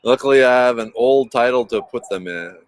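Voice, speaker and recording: A man's voice: medium pitch, brisk, no room sound. A man hosting a casual livestream, rambling with frequent restarts and greeting viewers in the chat by name. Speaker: livestream host.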